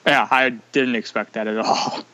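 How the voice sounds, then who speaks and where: A man's voice: medium pitch, fairly even intonation, normal speed, bright, forceful tone, dry recording, rough recording. A man talking candidly on a video call, rambling and opinionated as a guest. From United States. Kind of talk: casual video-call interview.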